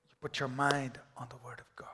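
A pastor delivering a sermon, swinging between loud declarations and hushed, whispered lines. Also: male voice, medium pitch, little pitch movement, fairly quick, background noise.

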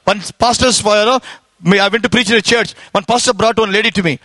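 A man with an Indian accent preaching a sermon, telling humorous stories and acting out the people he quotes, with bursts of shouting. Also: high-pitched, fairly even intonation, fast talker, dry recording. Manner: storytelling, quoting others in acted voices, bursts of shouting.

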